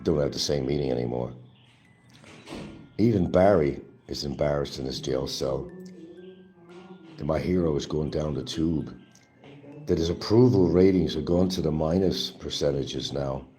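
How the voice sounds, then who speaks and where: A man's voice: very deep voice, moderate pace, pauses often, dark tone, faint music behind. A man hosting his own show, delivering an angry, profane and mocking monologue. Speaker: livestream host. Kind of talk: ranting political monologue.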